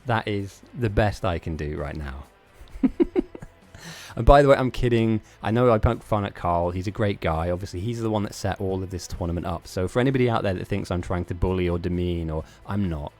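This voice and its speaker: Low-voiced, rambling male streamer. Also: fairly quick, a little mellow, soft background music. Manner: rambling, self-mocking, laughs often. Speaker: streamer hosting a game tournament. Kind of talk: live-stream casual commentary.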